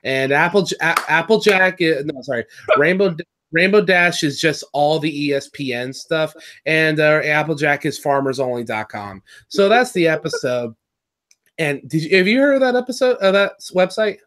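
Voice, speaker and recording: A man's voice: a little high, animated, normal speed, a bit bright. Chatty man rambling through a cartoon recap. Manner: rambling, self-correcting, jokey. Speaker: podcast co-host. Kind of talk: casual review chat.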